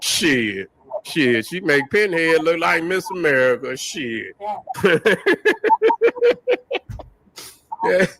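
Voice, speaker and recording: A man's voice: fairly high pitch, lively intonation, takes it slowly, pushed and bright, rough recording. A man hosting a show, ranting in a profane, joking, trash-talking way and laughing at his own jokes. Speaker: podcast host. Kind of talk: casual commentary rant.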